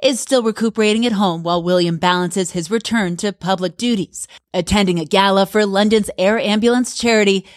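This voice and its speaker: A woman news correspondent delivering a measured, scripted news report. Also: mid-range voice, no echo, studio quality.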